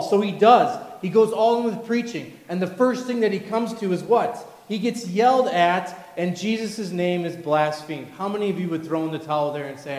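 A man preaching a sermon with animated delivery, acting out the voices of people he quotes. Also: sits high, normal speed, hardly any pauses. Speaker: pastor. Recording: echoey hall with long reverb.

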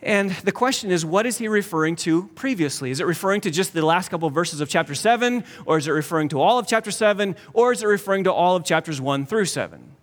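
A man preaching a sermon emphatically, dropping to a near hush to stress key points. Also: high-pitched, lively intonation, quick pace, hardly any pauses, in a large hall. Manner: emphatic, with dramatic drops to a hush.

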